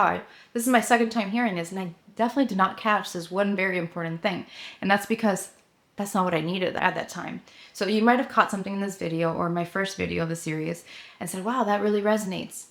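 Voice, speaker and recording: A woman in her thirties giving a casual motivational talk to camera, chatty and full of fillers, acting out her own inner voice. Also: mid-range voice. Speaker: vlogger, coach for ambitious women.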